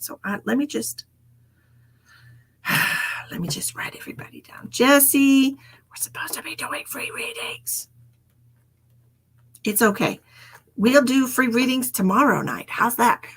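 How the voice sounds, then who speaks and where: A woman's voice: on the high side, vocal fry, slight background noise. A woman, giving psychic readings on a live stream in a chatty way and calling people darling and sweetheart. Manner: chatty, calls people endearments. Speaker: psychic medium.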